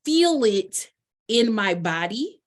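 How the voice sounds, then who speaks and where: A woman's voice: medium pitch, big pitch swings, slow pace. Chatty bubbly woman coach. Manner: chatty, bubbly, lots of fillers. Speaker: life coach presenter. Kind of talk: casual presentation chat.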